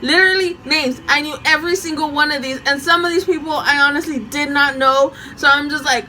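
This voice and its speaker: A young woman casually telling a story from her school days, animated and often laughing. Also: high-pitched, fairly quick, hardly any pauses, rough recording.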